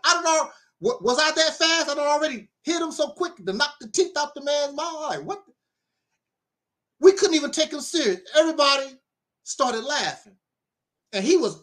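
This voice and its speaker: Animated, lively-voiced storytelling man. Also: extremely high pitch. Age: middle-aged. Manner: animated storyteller, laughs often, preachy asides. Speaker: minister. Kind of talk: casual spoken monologue.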